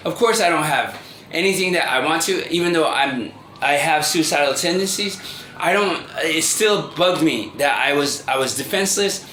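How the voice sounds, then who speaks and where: A man in his thirties speaking a rambling, halting confessional monologue as a vlogger. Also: on the high side, pushed and bright. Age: 30s. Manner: rambling, halting, with many restarts and fillers. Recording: roomy echo with faint ambient noise.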